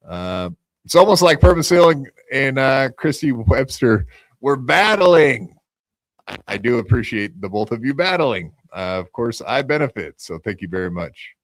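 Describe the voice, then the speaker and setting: A man's voice: mid-range voice, fairly bright tone, no echo. A man hosting a live podcast on his own, delivering a profane, taunting rant and casual sign-off chatter. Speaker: podcast host.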